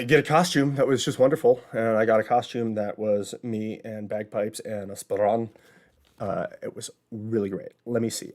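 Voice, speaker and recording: A man's voice: fairly low pitch, a little mellow. A man hosting a casual livestream from home, chatting in a rambling way with plenty of fillers. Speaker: host. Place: home, building bricks.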